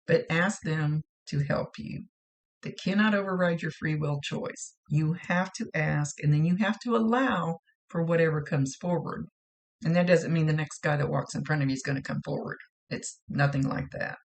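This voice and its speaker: A woman psychic medium talking through a spirit reading in a chatty, self-deprecating way. Her voice carries a steady gravelly fry, and she circles back and repeats her points. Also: low voice, moderate pace.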